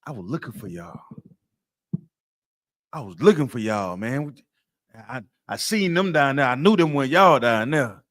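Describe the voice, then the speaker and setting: A man's voice: medium pitch, animated, unhurried, pauses often, fairly bright tone. A man imitating a fellow brother who used a wheelchair, repeating himself with insistent, fond griping. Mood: fond grumbling. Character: grown man, an old wheelchair-using brother grumbling fondly.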